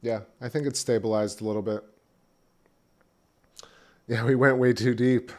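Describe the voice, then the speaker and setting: A man's voice: medium pitch, fairly even intonation, normal speed, darkish tone. A man hosting a casual livestream, rambling and chatty, talking while eating. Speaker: livestream host. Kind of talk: casual live-stream chat. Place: back porch at home, outdoors.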